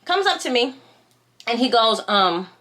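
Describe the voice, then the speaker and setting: A woman's voice: on the high side, big pitch swings, measured pace, bright, forceful tone. A young woman telling a storytime in casual, outspoken, slangy chat as a vlogger.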